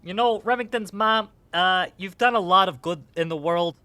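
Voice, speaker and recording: A man's voice: sits high, normal speed, pushed and bright, dry recording. A man voicing a tough male gangster with a put-on Boston accent and old-school mobster bluster. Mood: mock-sweet. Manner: threatening in a jokey tough-guy way.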